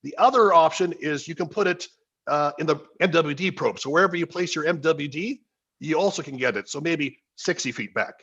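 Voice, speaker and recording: A man explains a drilling product on a webinar, plain and a little hesitant. His voice is husky and on the high side. The call audio is dull and lo-fi. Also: a little fast, fairly bright tone. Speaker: sponsor presenter. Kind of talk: product presentation. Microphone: video call.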